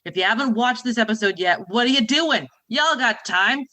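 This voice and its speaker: A woman's voice: on the high side, animated, normal speed, bright, forceful tone, low-quality recording. Woman doing a brash Boston-accented podcast intro. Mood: playful. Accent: put-on Boston. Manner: sing-song, rhyming, exaggerated delivery. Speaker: podcast co-host.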